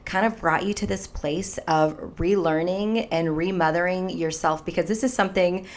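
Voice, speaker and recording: A woman's voice: fairly low pitch, steady tone, normal speed. A woman co-hosting a podcast, asking her guest a question in a curious, conversational way. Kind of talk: casual interview conversation.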